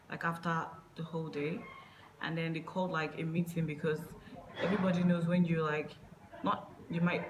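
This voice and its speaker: A young adult woman vlogger recounting a personal story, talking in a halting way with many fillers and restarts. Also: fairly low pitch, background noise.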